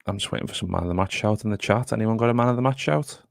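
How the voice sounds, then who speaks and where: A man hosts a laid-back football chat, wandering between thoughts and swearing casually. His voice sits very low with a gravelly fry. The recording is dry and close to the mic. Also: very fast, no room sound. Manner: rambling, swears casually, chats to the live chat. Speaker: podcast host.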